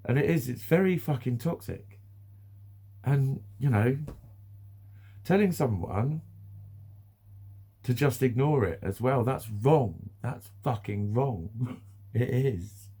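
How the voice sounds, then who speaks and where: A man's voice: mid-range voice, expressive, takes it slowly, pauses often, dark tone, breathy edge. A British man ranting bluntly in a casual vlog monologue, swearing freely, repeating himself and laughing now and then. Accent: British English. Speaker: vlogger.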